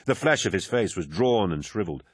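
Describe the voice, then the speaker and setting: Very deep husky male narrator. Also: expressive, fairly quick, no echo, clean studio sound. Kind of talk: scripted audiobook narration.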